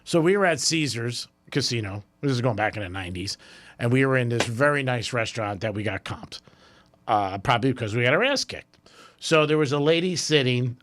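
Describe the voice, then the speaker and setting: A man's voice: medium pitch, brisk. A man hosting a radio talk show, telling a story with lots of laughter in casual banter. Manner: animated storyteller, laughs often. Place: radio studio.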